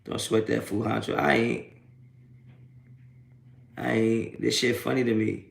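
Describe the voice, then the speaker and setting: Gravelly, profane livestream host in echoey room. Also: male voice, lowish voice, level tone, measured pace. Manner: profane, streetwise trash talk; taunting, laughing off trolls. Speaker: sports talk livestream host. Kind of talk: live post-game reaction stream, reading chat.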